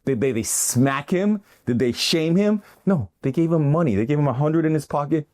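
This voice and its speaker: A middle-aged man hosting his own art video, giving an animated, jokey motivational monologue that keeps rising into loud bursts. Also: a little high, normal speed. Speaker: artist and video host. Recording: music bed under the voice.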